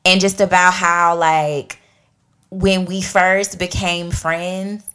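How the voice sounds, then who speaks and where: A woman's voice: fairly low pitch, flat delivery, takes it slowly, sharp tone, clean tone. Chatty woman podcast host. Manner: conversational, frequent "you know what I mean". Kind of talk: casual faith chat.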